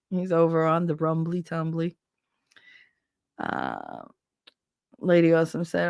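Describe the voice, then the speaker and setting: A woman's voice: low-pitched, big pitch swings, a little slow, creaky, long pauses, a little mellow, clean tone, no room sound. Woman streamer, casual and profane, laughs a lot, dry close mic. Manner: chatty, swears freely, laughs often. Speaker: livestream host reading chat. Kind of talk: casual unscripted chat.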